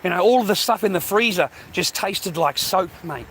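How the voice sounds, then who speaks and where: A man's voice: sits high, expressive, moderate pace, fairly bright tone, a little hiss or hum, low-quality recording. Profane ranting Australian man. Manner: blunt, heavily profane, slangy, lecturing. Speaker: livestream host. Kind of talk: ranting monologue to viewers.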